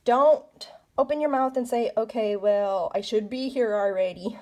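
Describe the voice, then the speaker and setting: A woman's voice: on the high side, measured pace, mellow. Chatty woman card reader, coaching tone. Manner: chatty, coaching, asks rhetorical questions often. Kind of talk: casual spoken card reading.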